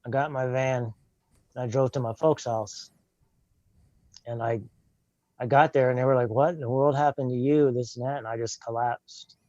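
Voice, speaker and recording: An older man with a drawl tells his testimony in a plain, earnest way, often acting out his own past words. His voice is low and mellow, and the recording sounds dry and a little dull. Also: steady tone, moderate pace, long pauses, no echo. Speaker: guest telling his testimony. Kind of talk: personal testimony, casual storytelling.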